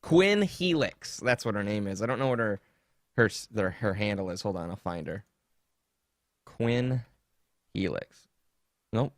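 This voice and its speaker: Podcast host, man, low voice, dry close sound, rambling and jokey. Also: a little slow, long pauses, no echo. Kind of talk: casual rambling podcast chat. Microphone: desktop streaming setup.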